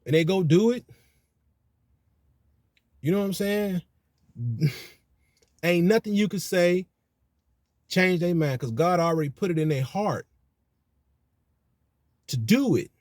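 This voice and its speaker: A man's voice: sits high, animated, slow, pauses often, a little mellow, no room sound. Preachy man, dry close sound. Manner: preachy, repetitive "you know what I'm saying". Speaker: commentator on religion. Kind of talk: casual monologue.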